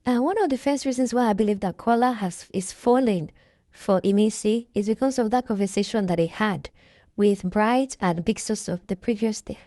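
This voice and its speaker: A woman's voice: medium pitch, moderate pace, mellow, no echo, studio quality. A Nigerian woman with a stuffy nose from a cold, chatting emphatically and gossiping as she comments on a reality show. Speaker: reaction vlogger.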